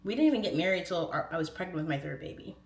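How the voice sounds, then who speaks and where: A woman's voice: lowish voice, expressive, rapid-fire, creaky, a little mellow. Chatty woman in her thirties, echoey room. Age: 30s. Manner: chatty, laughing, rambling asides. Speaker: livestream host. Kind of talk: casual chat, comic storytelling.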